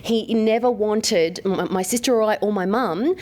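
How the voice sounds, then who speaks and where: A woman's voice: mid-range voice, normal speed, darkish tone. An Australian woman in her forties talks openly to a live audience about her own life. She is conversational and unpolished, with plenty of fillers, and often turns to the room with questions. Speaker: mentor speaking to an audience. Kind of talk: personal talk to a live audience.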